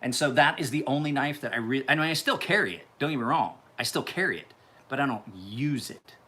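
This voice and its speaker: Man, casual live stream chat, rambling, profane, lively pitch. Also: fairly quick. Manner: rambling and profane, laughs often. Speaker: knife sharpener hosting a live stream.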